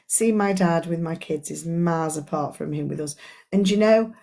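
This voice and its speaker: A woman's voice: fairly low pitch, normal speed, vocal fry, dark tone. A middle-aged woman, a life coach, leading an earnest, chatty book club discussion on a live stream and talking straight to her audience.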